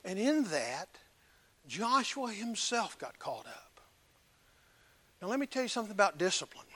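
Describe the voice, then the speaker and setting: A man preaching a sermon, emphatic, swinging between loud exhortation and hushed earnest talk. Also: sits high, very animated, moderate pace.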